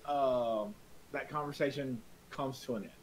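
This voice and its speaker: A man narrating a tabletop game as game master, talking in a relaxed, rambling way. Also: medium pitch, slight background noise, low-quality recording. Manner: relaxed, rambling, halting restarts.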